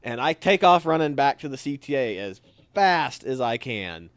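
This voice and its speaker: A young man casually telling a story, animated and acting out what others said. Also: normal speed, dry recording. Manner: animated, acts out quotes with sudden higher shouts. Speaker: storyteller guest.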